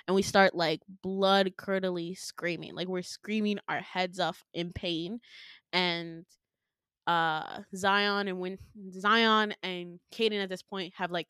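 A young woman hosting a podcast, retelling a story in a casual, animated way with lots of fillers and laughter. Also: on the low side, smooth, no room sound, clean studio sound. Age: young adult. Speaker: podcast host.

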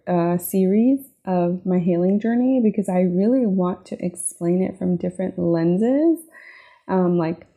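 Young woman podcast host, warm low-key tone with vocal fry, earnest confessional delivery. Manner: earnest, heartfelt, frequent "right?" and "like". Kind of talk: reflective personal podcast monologue.

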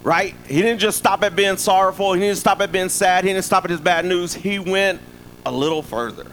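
Male pastor, slightly higher voice, easygoing sermon delivery, faint ambience behind. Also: moderate pace, a bit bright, slight background noise, poor audio. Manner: conversational preaching with frequent "right?" asides.

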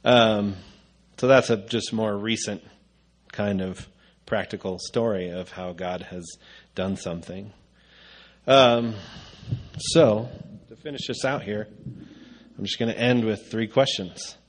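A man's voice: on the low side, slow pace, pauses often. A man preaching a conversational sermon, casual and rambling with frequent filler sounds.

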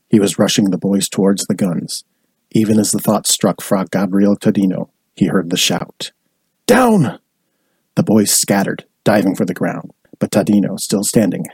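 A man reading a historical novel aloud in steady, measured narration. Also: sits low, breathy edge, dry recording, low-quality recording. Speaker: audiobook reader. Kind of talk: scripted narration.

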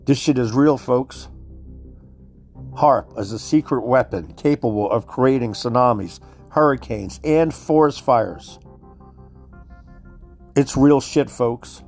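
A man's voice: mid-range voice, unhurried, a little mellow, faint music behind. A man giving a heated, profane monologue, worked up and repeating himself as he speaks to his listeners. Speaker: commentator. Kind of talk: profane conspiracy rant.

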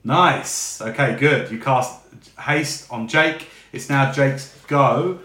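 A man narrating as game master for a tabletop game, relaxed and chatty with lots of fillers. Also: mid-range voice, slow. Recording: echoey room with faint noise.

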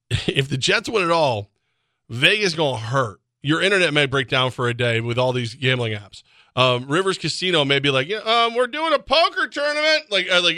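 A man co-hosting sports radio in a chatty, rambling way, with quick laughing asides. His voice is bright and forward, and it sits in a tight, dry studio with no room sound. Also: medium pitch, no echo. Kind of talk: casual sports radio talk. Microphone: studio microphone.

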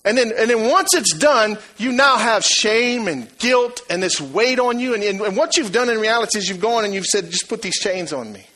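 A man preaching a sermon, emphatic and repetitive, swinging from loud to hushed. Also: sits high, normal speed, few pauses, poor audio.

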